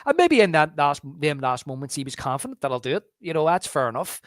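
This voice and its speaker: A man with a slightly high voice co-hosts a casual movie podcast. He retells scenes and slips into a low drawl to quote the characters. The sound is close and dry, with no room around it. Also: very animated, fast, dry recording. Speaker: podcast co-host. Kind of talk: casual movie review chat.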